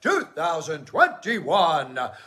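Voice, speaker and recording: A man giving a booming, drawn-out ring-announcer introduction in a recorded greeting video. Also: wildly swooping pitch. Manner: drawn-out, shouted, theatrical delivery.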